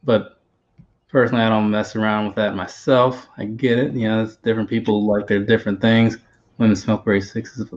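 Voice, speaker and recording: An American man hosts a casual livestream chat, easygoing and rambling, with hesitant stops and restarts. His voice is lowish and brisk, with little pitch movement. The sound is dull and lo-fi.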